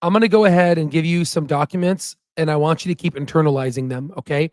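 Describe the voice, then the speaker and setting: A man's voice: a little high, fast, darkish tone, no echo, studio quality. A man hosting a casual stock market livestream, talking in a heated, rambling way and tagging his points with "right?". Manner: heated and ranting, with frequent "right?" tags; rambling with restarts and self-corrections.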